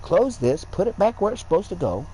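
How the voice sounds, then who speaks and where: A man's voice: high voice, very animated, brisk, warm tone, a little hiss or hum, low-quality recording. A man streaming a game and talking casually, in a profane, rambling, lecturing way. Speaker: gaming streamer. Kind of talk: casual livestream rant.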